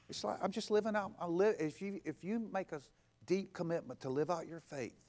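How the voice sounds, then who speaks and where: Man preaching, fairly high voice, conversational, repeats lines for emphasis. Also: a little mellow. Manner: conversational preaching that acts out quoted people; repetitive, emphatic build-ups. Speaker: pastor. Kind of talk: sermon.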